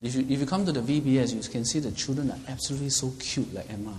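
A man preaching a sermon as a pastor, laughing often and loudly acting out the words he quotes. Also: mid-range voice. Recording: long hall reverb.

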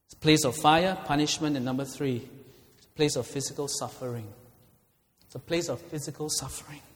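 A man preaching a fiery sermon in a church hall, swinging between loud declarations and hushed asides. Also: on the high side, brisk. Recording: long hall reverb.

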